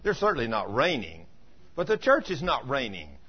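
A male pastor telling stories in an animated sermon, dropping to quiet asides and rising to loud emphatic peaks. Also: mid-range voice, normal speed, husky. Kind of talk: storytelling sermon. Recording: dull lo-fi sermon recording.

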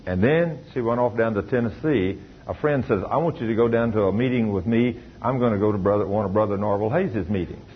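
A man's voice: fairly low pitch, highs cut off, a little hiss or hum. A man preaching a sermon, telling a story through quoted dialogue and rising to emphatic peaks.

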